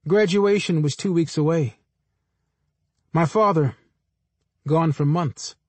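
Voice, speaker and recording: A man reading first-person literary fiction aloud in a measured, understated way. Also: a little high, a little mellow, dry recording. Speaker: audiobook narrator.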